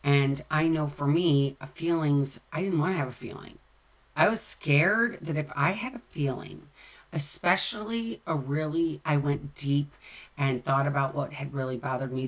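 Low-pitched middle-aged woman, candid and conversational, personal recovery talk. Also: fairly even intonation, normal speed. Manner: candid, conversational, repeats phrases for emphasis. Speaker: sober-living speaker.

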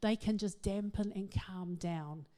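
A middle-aged woman, giving a humorous, self-mocking talk to an audience in an animated storytelling manner. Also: mid-range voice, measured pace. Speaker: speaker.

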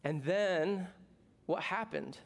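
A middle-aged American pastor gives a sermon slowly, his voice sitting a little higher than most men's. He speaks with casual, joking warmth that breaks into excited bursts.

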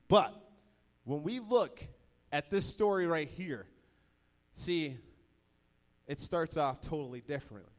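A man preaching a sermon, retelling the story in a casual, energetic voice full of slang. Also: medium pitch, big-room sound.

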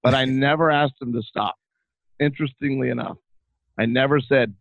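A man's voice: mid-range voice, fairly even intonation, normal speed, vocal fry, no room sound. A middle-aged man talking as a guest, telling stories with animation and many restarts. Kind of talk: casual interview chat. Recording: tinny phone-like line.

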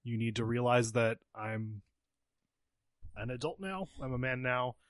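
A man's voice: mid-range voice, unhurried, no room sound. A man playing in a tabletop game, speaking earnestly in and out of character. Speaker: player.

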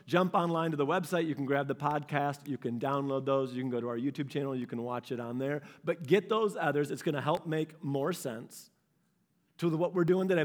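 A young adult man preaching a sermon to a congregation, telling a personal story in an animated way and acting out his own reactions. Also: on the high side. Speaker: pastor.

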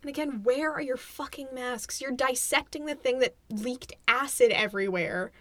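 A woman's voice: sits high, moderate pace, a bit bright, no echo. A woman co-hosting a podcast, giving sarcastic, giggly movie watchalong commentary with a lot of disbelief at what's on screen. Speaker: podcast co-host.

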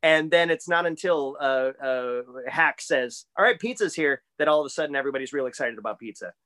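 A man's voice: medium pitch, fairly quick, sharp tone, clean tone. A man co-hosting a podcast, rambling through his thoughts in a casual chat and laughing easily. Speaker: podcast co-host.

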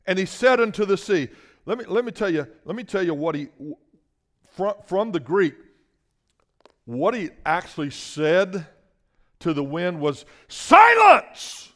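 A man preaching a sermon, moving between hushed asides and loud emphatic bursts and calling out to the congregation for a response. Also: sits high, unhurried, long pauses.

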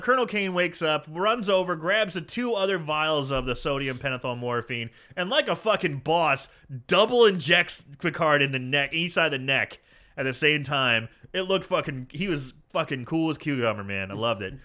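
A man with a high, bright voice recaps a film in loose, casual chat. His pitch jumps around a lot, and he curses as he acts out scenes. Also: normal speed. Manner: animated, swears, acts out movie lines in put-on voices. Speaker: podcast co-host recapping a movie.

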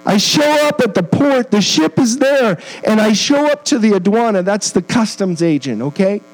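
Man, high-pitched voice, missionary guest preacher, storytelling sermon, earnest, self-deprecating humor. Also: animated, moderate pace, rough recording. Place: church.

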